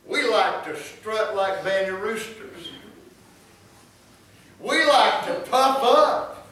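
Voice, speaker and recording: A man preaching a sermon, swinging between loud exclamations and soft, drawn-out storytelling. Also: high voice, expressive. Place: church sanctuary. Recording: echoey church room from far off.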